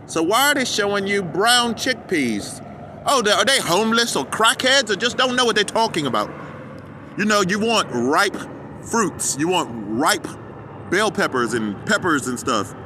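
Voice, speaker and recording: A man's voice: high voice, sing-song, measured pace. A man ranting in a profane, heated, rambling commentary for his vlog, recorded outdoors by a street. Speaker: vlogger. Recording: street traffic noise behind. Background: passing cars.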